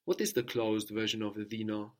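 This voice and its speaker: A man's voice: on the low side, little pitch movement, brisk, darkish tone. Patient male language teacher. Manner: patient, prompting with questions and repeating answers. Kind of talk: guided language lesson.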